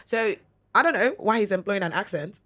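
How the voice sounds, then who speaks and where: Nigerian woman, radio host guest, animated and chatty, mid-range voice. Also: mid-range voice, brisk. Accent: Nigerian English. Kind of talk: casual podcast chat.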